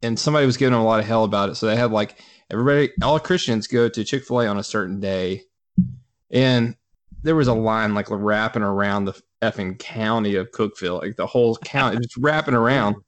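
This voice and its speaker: A man's voice: on the low side, fairly quick. A man co-hosting a casual talk show, rambling in an offhand way. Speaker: co-host. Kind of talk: casual radio chat.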